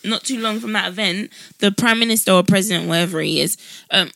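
A woman in casual chat, telling stories in an animated way. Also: mid-range voice, fast, creaky, no room sound.

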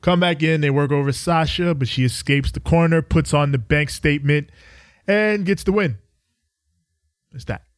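A man's voice: a little high, moderate pace, no room sound, studio quality. Young man recapping in casual chat. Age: young adult. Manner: recounting events with loose acted quotes. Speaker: podcast co-host.

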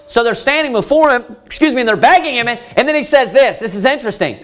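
A man's voice: very high-pitched, animated, fast talker, few pauses, fairly bright tone. A man preaching a sermon, reading scripture aloud and asking the listeners rhetorical questions, raising his voice to act out pleading characters.

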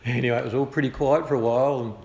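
A man's voice: medium pitch, very fast, creaky, very noisy. Australian man telling a story in an echoey room. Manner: chatty, good-humoured, lively voiced quotes. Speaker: speaker sharing a personal testimony. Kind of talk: casual storytelling. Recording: echoey room with faint ambience.

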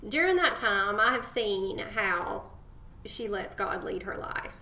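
An earnest woman co-hosts a casual faith podcast, speaking with heartfelt affection. Her voice sits at a middling pitch. The room around her is noticeably echoey. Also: animated, takes it slowly. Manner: earnest, affectionate, warm praise of guests. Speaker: podcast co-host.

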